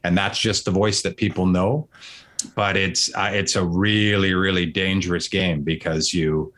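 A man's voice: sits low, steady tone, a little slow, fairly bright tone. A middle-aged man, a sportscaster guest, talking earnestly and at length in a casual conversation, often restarting his phrases.

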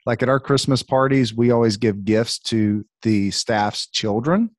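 A man's voice: mid-range voice, unhurried, no room sound. Southern US male podcast host; chatty, filler-heavy, friendly delivery; dry recording. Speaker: podcast host and business leader. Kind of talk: casual podcast conversation.

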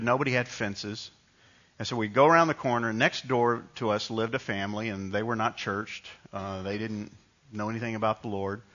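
A man's voice: mid-range voice, bright, forceful tone, muffled recording. A man from New York preaching a sermon in a conversational, storytelling way, often restarting his sentences. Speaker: pastor.

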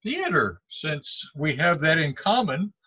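A man's voice: a little high, very animated, slow, sharp tone, husky. A man hosting an interview over a video call, easygoing and chatty, laughing along. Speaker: host. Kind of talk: casual interview conversation. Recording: dull dry video-call audio.

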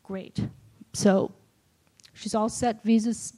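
A middle-aged woman giving a personal testimony sermon, telling a story with lively shifts and dropping to a whisper for quoted lines. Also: mid-range voice, takes it slowly. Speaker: speaker at a church gathering.

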